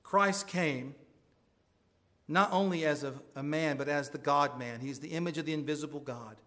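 A man's voice: fairly high pitch, moderate pace, bright, forceful tone. A male pastor preaching a sermon with earnest emphasis, his voice rising on pointed questions.

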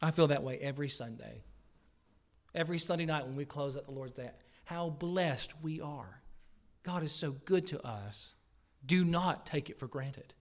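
A male pastor delivering a Sunday sermon in a slightly high voice. He builds to loud, emphatic declarations, then drops to hushed, earnest appeals to his congregation. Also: moderate pace. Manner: emphatic preaching, swinging between loud declarations and hushed pleas. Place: church service.

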